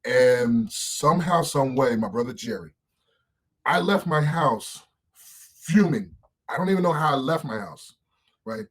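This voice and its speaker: A man in his thirties, a podcast guest telling candid stories in an animated way, swearing freely and acting out other people's voices. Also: medium pitch, measured pace, long pauses, slightly rough. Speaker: interview guest.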